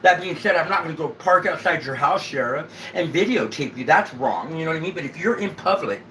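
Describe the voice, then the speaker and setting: A man's voice: a little high, animated, a little fast, bright, forceful tone, reverberant, slight background noise, poor audio. A man making a rambling complaint to a sheriff, often asking "right?" to check he is followed.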